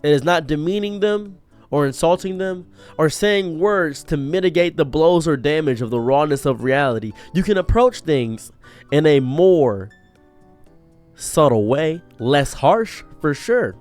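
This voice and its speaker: A man's voice: a little high, expressive, measured pace, darkish tone, soft background music. A man giving an earnest motivational monologue, preachy and direct, acting out the voices he quotes. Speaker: streamer giving a pep talk.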